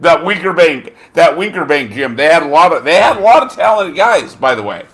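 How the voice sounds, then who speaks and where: A man's voice: on the high side, big pitch swings, fairly quick, a bit bright. Rambling, swearing man hosting a chat. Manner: rambling and profane, gropes for names with many fillers. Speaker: podcast host. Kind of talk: casual chat.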